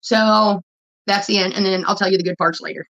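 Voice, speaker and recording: A woman's voice: mid-range voice, little pitch movement, racing, a bit bright, low-quality recording. A woman vlogger telling a rambling, profane story while she cooks. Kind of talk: casual storytelling while cooking.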